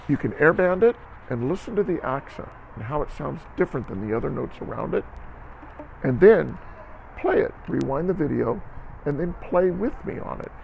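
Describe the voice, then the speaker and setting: This man's voice sits on the high side and sounds creaky as he teaches a band lesson on video. He coaches students, counts aloud, and often checks in with "okay?". The audio is dull, with slight background noise.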